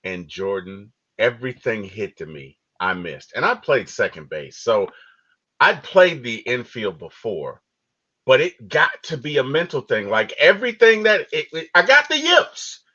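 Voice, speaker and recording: A man co-hosting a podcast, chatting casually about a movie and telling stories with lively acted-out quotes. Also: mid-range voice, measured pace. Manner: animated storytelling, acts out quotes. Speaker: podcast co-host. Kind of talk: casual movie review chat. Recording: dull lo-fi audio.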